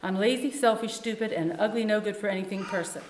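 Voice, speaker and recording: A woman's voice: medium pitch, quick pace, slight background noise, lightly acted. A woman voicing a despairing, ashamed young male student in a read-aloud story. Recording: echoey room with long reverb.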